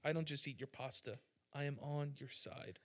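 A man putting on a quiet, overly sincere voice as a mock-earnest would-be ally. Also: mid-range voice, moderate pace, close to an everyday voice.

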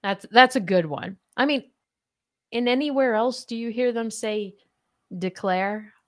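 A woman's voice: on the high side, a little slow. A woman hosting a casual podcast chat and running a playful quiz, laughing often. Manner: giggly, chatty, laughs often. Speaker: podcast host.

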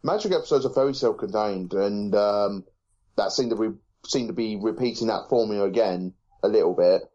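A man's voice: on the low side, a little fast, dark tone, highs cut off. A man co-hosting a casual review chat, rambling with many fillers and restarts. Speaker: podcast co-host.

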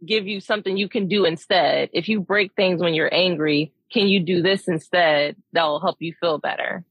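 A woman guest, a behavior analyst, explaining her work in a measured way on a podcast. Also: on the low side, breathy edge, dry recording, highs cut off. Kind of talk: casual interview chat.

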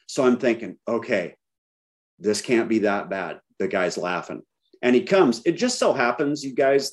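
A man's voice: lowish voice, darkish tone. A middle-aged man giving a candid personal recovery talk to a group, telling his story with self-deprecating humor. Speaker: recovery speaker.

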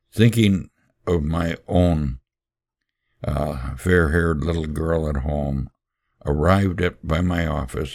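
Very deep, gravelly male storyteller. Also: a little mellow, no room sound, studio quality. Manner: earnest, unhurried, with occasional fillers. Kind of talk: first-person story reading with sermon-like asides.

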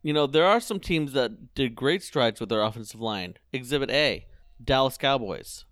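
A man's voice: medium pitch, expressive, moderate pace, fairly bright tone, dry recording, studio quality. Joking man hosting a sports podcast. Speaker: podcast host. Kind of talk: casual sports chat. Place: home room with TV on behind.

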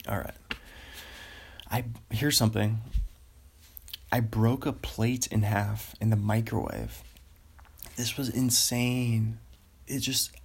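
A man's voice: mid-range voice, breathy edge. A young man hosting his own podcast, rambling in a jokey, self-amused way. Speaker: podcast host. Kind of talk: casual solo podcast monologue. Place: Los Angeles.

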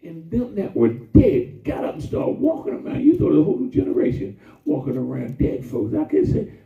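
A man preaching a sermon in a call-and-response style, drawing out his emphasis slowly and then rushing through asides. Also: fairly high pitch, wildly swooping pitch, vocal fry. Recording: distant, echoey, phone-like sound from far off.

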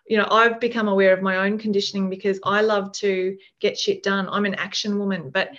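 A woman's voice: medium pitch, level tone, a little fast, a bit bright. A woman musing in a casual conversation, thinking aloud with lots of fillers and restarts. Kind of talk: reflective casual chat. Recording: dull lo-fi recording.

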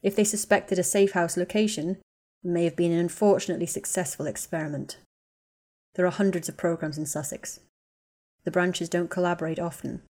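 A woman's voice: lowish voice, steady tone, a little fast, a little mellow. A woman reading the lines of a guarded, bitter young wizard man in a storybook, speaking in terse, clipped lines. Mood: cold, curt.

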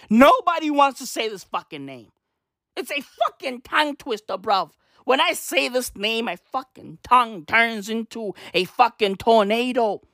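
Slow, lively-pitched woman ranting. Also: no echo, studio quality. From South Africa. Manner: swears constantly, slangy, riffs on tangents; loud outbursts and asides. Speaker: comedic monologue host. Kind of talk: profane comedic rant.

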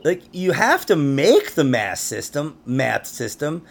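A man's voice: fairly high pitch, sing-song, slow, creaky. A man hosting a conspiracy podcast, chatting casually in a rambling way and laughing often. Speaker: podcast host.

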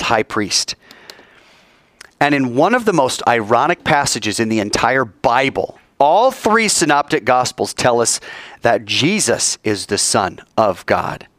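Guy preaching, acts out the voices, pitch jumps all over, bit high. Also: no echo. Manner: animated storytelling, acts out voices. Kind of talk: sermon.

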